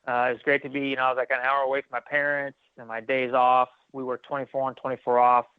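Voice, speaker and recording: Male podcast guest, animated storyteller, dry and phone-thin. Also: medium pitch, quick pace, clear, resonant tone, no room sound. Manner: animated, re-enacts dialogue, many restarts. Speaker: podcast guest, former military firefighter. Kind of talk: casual storytelling interview. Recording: tinny phone-like line.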